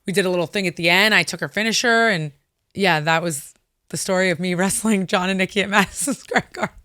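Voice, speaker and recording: A woman in her thirties with a fairly low voice tells a story as an interview guest, animated and quick to put on voices for the people she quotes, swearing now and then. The sound is close and dry, with no room around it. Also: no room sound. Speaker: interview guest, former wrestler. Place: studio.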